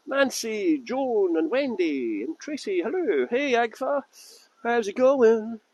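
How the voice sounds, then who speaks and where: A Scottish man with a high voice leads a live walking tour outdoors beside a fountain. He chats casually with his audience and likes to make flippant jokes. His voice sounds dry and close to the mic. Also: very animated, slow pace, a little mellow, no echo. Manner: chatty, flippant joking. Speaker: tour guide. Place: outdoors by a fountain in a windy city square.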